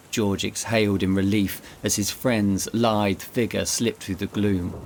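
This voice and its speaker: A man's voice: fairly low pitch, flat delivery, unhurried, hardly any pauses, a little hiss or hum. A man narrating a scripted historical mystery in a suspenseful, vivid storytelling manner.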